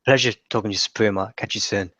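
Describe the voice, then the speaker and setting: A man on a casual call with his marketing coach, friendly and quick to laugh. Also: lowish voice, fairly even intonation, a bit bright, no room sound. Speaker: marketing client. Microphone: call audio. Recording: dull, dry call audio.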